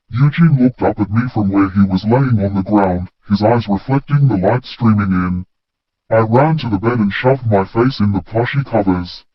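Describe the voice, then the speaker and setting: A man reading a first-person story in a plain, steady way. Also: fairly low pitch, dry recording. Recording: dull, dry lo-fi recording.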